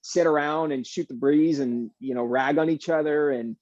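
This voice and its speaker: A young adult man, an actor guest, chatting casually in an interview, easygoing and animated with plenty of fillers. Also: fairly high pitch, normal speed, no room sound, muffled recording.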